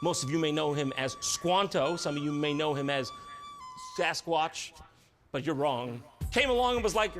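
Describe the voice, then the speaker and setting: A man delivering sarcastic, swearing comedic narration, with bursts of shouting. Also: fairly high pitch, lively intonation, moderate pace, music in the background.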